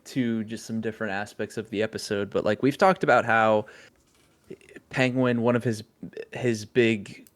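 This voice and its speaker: A young man co-hosting a podcast, talking in a relaxed way, thinking aloud and chuckling often. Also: fairly low pitch, normal speed. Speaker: podcast co-host. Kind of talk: casual chat.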